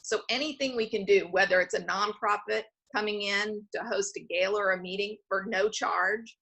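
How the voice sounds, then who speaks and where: Bright-voiced woman explaining her foundation's work. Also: medium pitch, fairly even intonation, moderate pace, creaky. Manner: explanatory, often checks in with "right?". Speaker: foundation president and CEO, podcast guest. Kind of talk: conversational interview.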